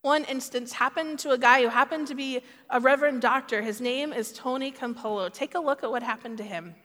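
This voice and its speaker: A woman preaching a sermon in a measured, earnest way. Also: high-pitched, a bit bright, big-room sound.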